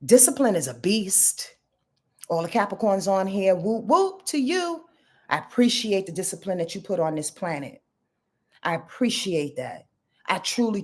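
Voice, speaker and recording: A woman hosting a live astrology reading, talking casually and profanely with emphatic repetition, sometimes sinking to a hushed whisper. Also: lowish voice, breathy edge. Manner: drops to a hushed whisper at times. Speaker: astrology show host.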